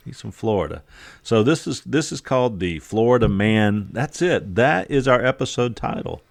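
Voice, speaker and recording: A man's voice: mid-range voice, expressive, moderate pace, gravelly, no room sound. A man hosting a casual podcast, joking with friends and using many fillers. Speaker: podcast host.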